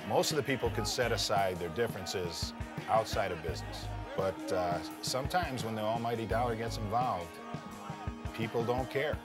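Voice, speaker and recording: A man's voice: on the low side, moderate pace, music in the background. A man, a floor trader, speaking matter-of-factly in a documentary interview.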